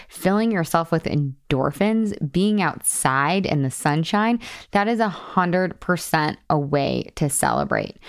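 A woman's voice: fairly low pitch, creaky. A woman in her thirties hosting a solo podcast, talking as a weight-loss coach in a bubbly, chatty way. She laughs often and acts out the voices she quotes.

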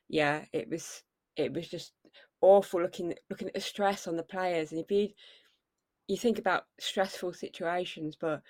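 A woman's voice: lowish voice, darkish tone, no echo. A woman co-hosting a casual sports podcast, talking in long rambling runs. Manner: rambling, many fillers and restarts. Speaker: podcast co-host.

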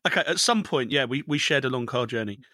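A man's voice: medium pitch, expressive, fast, bright, forceful tone, no room sound, studio quality. A man on a podcast panel, chatting in a friendly, teasing way. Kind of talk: casual chat.

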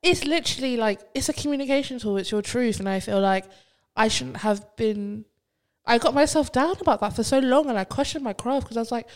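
A woman's voice: on the high side, brisk. A woman, a poet chatting animatedly as a podcast guest. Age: 20s. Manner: animated and expressive, mock-quoting others. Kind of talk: casual chat.

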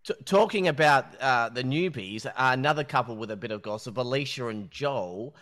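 A man's voice: mid-range voice, expressive, normal speed, fairly bright tone. A man hosting a casual interview, playful and gossipy, often stumbling over his words as he asks questions. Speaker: podcast host.

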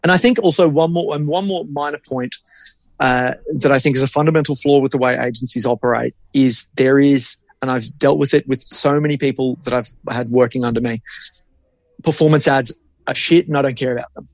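A man's voice: medium pitch, fairly even intonation, fairly quick, no echo. A man, co-hosting a podcast as a marketing creative in casual chat, blunt and opinionated and swearing freely.

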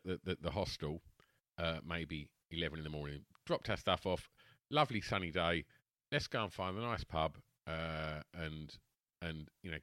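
A man telling a sweary, animated anecdote in casual chat. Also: sits low, no echo, studio quality. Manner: sweary, animated anecdote teller who acts out quotes. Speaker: guest telling a story.

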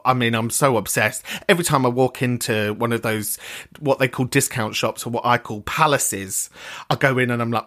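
A podcast host with a London working-class accent, chatting casually and swinging between posh and common speech. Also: male voice, medium pitch, bright, forceful tone.

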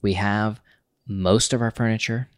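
A man's voice: lowish voice, fairly even intonation, measured pace, smooth, no echo, clean studio sound. A young man co-hosting a podcast, chatting loosely with lots of fillers. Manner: loose and rambling, many fillers. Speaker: podcast co-host. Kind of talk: casual chat.

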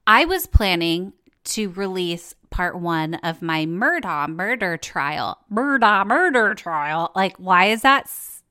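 A woman hosting a casual podcast, her voice hoarse and cracking in and out, chatty and joking, with free swearing. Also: medium pitch, a bit bright. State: hoarse, voice going in and out. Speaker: podcast host.

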